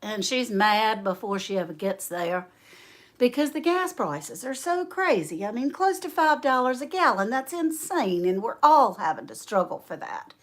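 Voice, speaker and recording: A woman hosting a homestead livestream, telling a story in a folksy, animated way. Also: fairly high pitch. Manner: slow, folksy, animated storyteller who laughs often. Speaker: homestead channel host.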